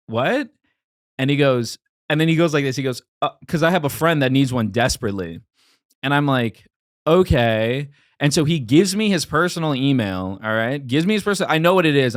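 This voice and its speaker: A man's voice: mid-range voice, clear, resonant tone, no echo, studio quality. A young man in his twenties in casual chat, telling a long story with lots of fillers and restarts. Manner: rambling, filler-heavy storytelling.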